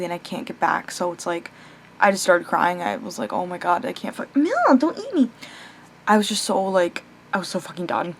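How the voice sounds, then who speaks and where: Late at night, a young woman vlogs in a loose, rambling way, lively and talkative, peppered with fillers, false starts and casual cursing, occasionally turning aside to address her pet. Her voice is on the low side, with slight background noise in the recording.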